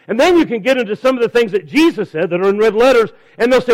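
High-voiced preacher, emphatic. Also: male voice, low-quality recording. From California. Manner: emphatic, slowing down to stress key phrases, repeats words when starting a thought. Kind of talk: sermon. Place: church service.

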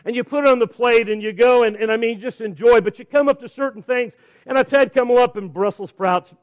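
A middle-aged man preaching a sermon at a church service, emphatic, slowing down to stress key phrases and repeating words as he starts a thought. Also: extremely high pitch, low-quality recording. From California.

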